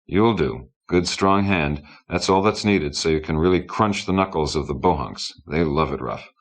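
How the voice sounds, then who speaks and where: A haughty, scornful fading starlet, read by a man in a very deep voice, worldly and bossy, plainly bored with the people around her. She gives orders in the low, even tone of a storybook reading. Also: moderate pace. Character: sour, scornful fading female entertainment star.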